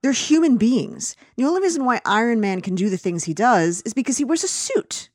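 Animated and brisk, a slightly high, slightly mellow American woman co-hosts a podcast, venting her casual opinions on a film amid fillers and restarts. Studio quality, no echo.

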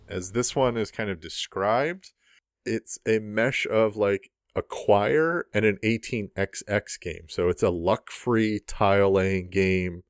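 A young man hosting a board game news podcast in casual chat, relaxed and rambling with lots of ums. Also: sits low, clean tone, dry recording, studio quality.

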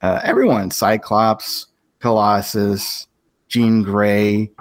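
A man's voice: on the low side, little pitch movement, slow, slight background noise. A man co-hosting a podcast, talking in plain, blunt casual chat. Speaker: podcast co-host.

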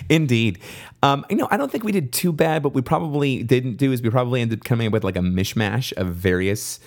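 A man's voice: mid-range voice, lively intonation, moderate pace. A man co-hosting a history podcast, chatting casually and jokily with frequent restarts. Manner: jokey, rambling with restarts. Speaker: podcast co-host.

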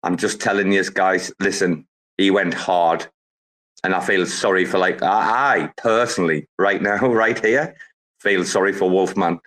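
A man with a lowish voice hosts a loose live audio chat. He rambles from point to point, swears constantly and keeps hyping his friend's work. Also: fairly even intonation, measured pace, a bit bright. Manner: profane, rambling, hyped-up. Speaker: host.

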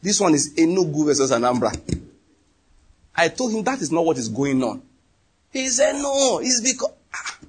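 Husky Nigerian man preaching. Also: a little high, normal speed, long pauses. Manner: animated, emphatic, slips into acted quotes. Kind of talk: sermon.

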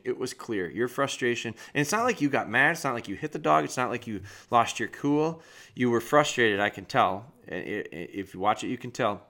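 A man's voice: medium pitch, bright, forceful tone. A man hosting a dog training podcast, reviewing a trainee's video and talking directly to him with frank critique.

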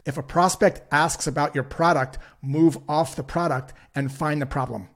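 A man with a slightly higher-than-usual voice delivers a short scripted sales lesson. He keeps a calm, matter-of-fact tone and slips into brief acted dialogue to show his points. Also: moderate pace, hardly any pauses. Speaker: sales trainer.

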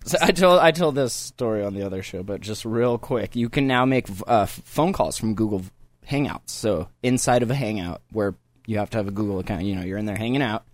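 A man's voice: on the low side, fairly quick, no echo. A man hosting a podcast in casual chat, rambling, laughing and swearing as he talks. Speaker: podcast host. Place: home studio.

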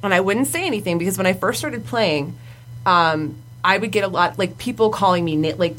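A woman co-hosting a podcast in casual, chatty talk, blunt and quick to laugh. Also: mid-range voice, fairly bright tone, a little hiss or hum. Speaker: podcast co-host. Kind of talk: casual chat.

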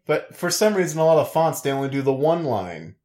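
A man's voice: on the high side, very animated, brisk, darkish tone. A man co-hosting a podcast, chatting casually with dry, jokey wordplay. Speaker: podcast co-host. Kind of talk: casual chat.

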